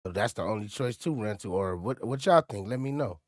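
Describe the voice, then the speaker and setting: A man's voice: lowish voice, expressive, brisk, no room sound, clean studio sound. A man hosting a live reaction stream, chatting with viewers in a casual way and talking straight to the chat. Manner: conversational, addresses chat directly. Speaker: livestream reaction host.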